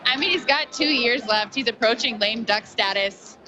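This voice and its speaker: Woman interviewee, wry and measured, slightly high, noisy background. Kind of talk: casual chat. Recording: noisy event floor.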